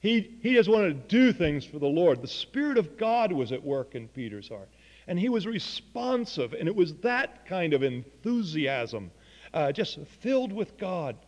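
A man's voice: on the high side, big pitch swings, measured pace, darkish tone, in a large hall, lo-fi sound. A man preaching a sermon, telling a story earnestly and voicing the people in it. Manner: earnest storytelling with quoted dialogue.

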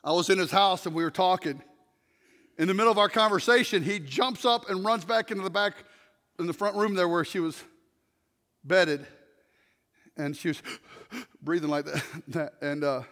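High-voiced preacher in a big echoing hall. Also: male voice, a little fast, long pauses. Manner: swings from loud shouting to hushed near-whisper. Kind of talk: sermon storytelling. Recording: long reverb of a large hall.

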